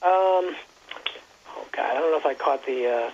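A man with a fairly high voice chats on talk radio, rambling and halting as he stops and restarts sentences often. The recording is muffled, with slight background noise.

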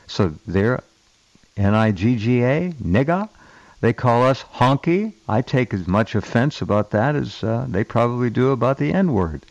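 A man's voice: medium pitch, big pitch swings, measured pace, darkish tone, dry recording. A male radio host speaks in a mid-range voice with blunt, opinionated delivery and stumbling starts. The sound is dry and a little dull. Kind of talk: casual talk radio chat.

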